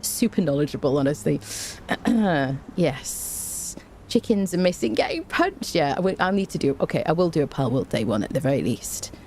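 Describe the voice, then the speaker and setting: Woman, low pitch, faint background noise, casual livestream chatter, greets viewers. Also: lively intonation, moderate pace, darkish tone. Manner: chatty, greets viewers by name, laughs often. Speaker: game streamer.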